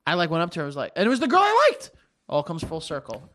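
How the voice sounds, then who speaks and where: A man in casual podcast chat, telling animated stories and swearing freely. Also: a little high, fast.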